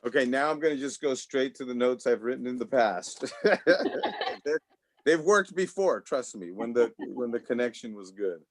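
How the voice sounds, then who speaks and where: A man's voice: mid-range voice, lively intonation, normal speed, no room sound. A man from Los Angeles doing a loose, rambling stand-up set over a video call, often laughing at his own jokes. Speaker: stand-up comedian. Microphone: home computer mic on a video call.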